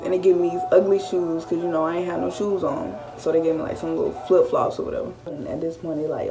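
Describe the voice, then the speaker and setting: A woman in her late teens, telling a story-time vlog in a casual, animated style. She swears freely and often acts out what she was thinking. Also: lowish voice, fast, hardly any pauses, far from the mic. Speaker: vlogger.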